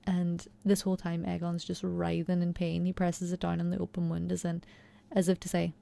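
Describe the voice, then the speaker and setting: She's a young woman with a warm, low-leaning voice, a bit of vocal fry, monotone delivery and normal speed. Her talk is a chatty, enthusiastic recap and analysis of a TV episode, loaded with fillers like "like" and "you know," all in a casual commentary vein.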